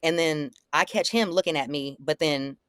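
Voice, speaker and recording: Woman, young adult, casual storytelling, acts out quotes, lowish voice, dry close sound. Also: normal speed, smooth, no room sound. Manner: animated, acts out quoted lines in a higher voice. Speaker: guest recounting a confrontation.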